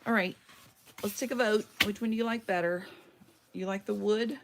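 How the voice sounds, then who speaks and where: A woman's voice: mid-range voice, fairly even intonation, normal speed, background noise. A chatty woman crafting on a stream. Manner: chatty, talks to herself while working. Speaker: crafting livestreamer. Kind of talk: casual crafting chat to viewers. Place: her home loft.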